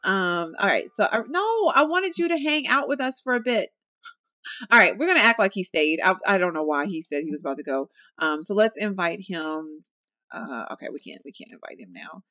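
Chatty, animated young woman narrating gameplay. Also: mid-range voice, normal speed, dry recording, muffled recording. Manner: chatty, animated, talks to viewers as y'all, laughs often. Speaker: gameplay commentator. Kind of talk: casual let's-play commentary.

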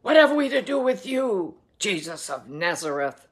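A woman's voice: medium pitch, big pitch swings, measured pace, pitched above the performer's own voice. A woman reading aloud the words of an unclean spirit possessing a man, pleading and defiant.

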